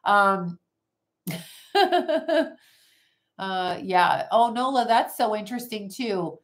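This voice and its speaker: A woman hosts a psychic livestream from home, reading viewers' comments and talking back to chat in a blunt, freely profane way. Her mid-range voice moves very slowly, with big pitch swings.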